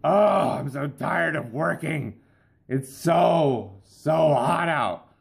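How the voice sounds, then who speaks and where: A man's voice: on the high side, animated, drawn-out words, vocal fry, pitched above the performer's own voice, exaggerated voice. A man voicing a weary, fed-up little worker ant with whiny, exaggerated complaining. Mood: whining.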